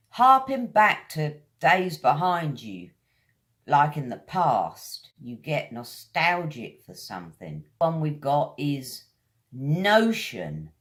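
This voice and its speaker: A woman with a British accent teaching English vocabulary, drawing each word out slowly as she drills its pronunciation. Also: low voice, sing-song. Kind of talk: vocabulary lesson.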